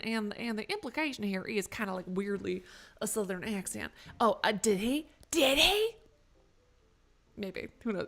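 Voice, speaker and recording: A woman live-streaming a game, chatting casually with her viewers, reacting loudly and swearing. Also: medium pitch, gravelly.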